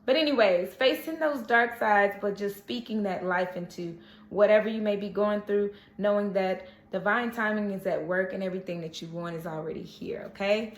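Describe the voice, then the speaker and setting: A woman's voice: medium pitch, normal speed. A woman giving a casual tarot reading to camera, chatty and reassuring, often checking in with "okay?". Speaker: tarot reader. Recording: echoey room.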